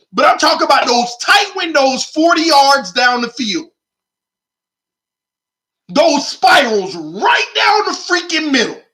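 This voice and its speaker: A man's voice: extremely high pitch, sharp tone. A man hosting his own sports channel, arguing his points emphatically and repeating them for effect in casual commentary.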